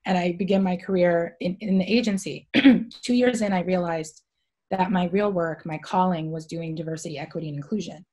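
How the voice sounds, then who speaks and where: A woman's voice: on the low side, fairly even intonation, normal speed, darkish tone. A woman in her forties with a Boston accent, a diversity and inclusion leader speaking animatedly on a panel. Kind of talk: panel discussion.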